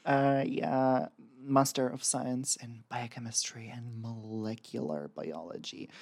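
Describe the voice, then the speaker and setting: Podcast co-host, casual chat, slow, halting, laughs a lot. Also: medium pitch, darkish tone. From Ukraine. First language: Ukrainian. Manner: hesitant, many ums, laughs often. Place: Berlin area.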